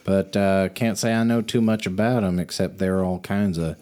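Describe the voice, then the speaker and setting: A man's voice: low-pitched, fairly even intonation, moderate pace, warm tone, lightly acted. A man voicing a kindly, folksy older woman merchant who talks with a homespun drawl. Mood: grateful.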